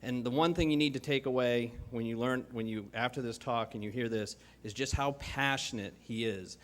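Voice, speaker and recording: A man hosting an event and introducing the keynote speaker in a conference hall, halting often as he talks. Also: medium pitch. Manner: halting, many fillers and restarts. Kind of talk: formal introduction speech.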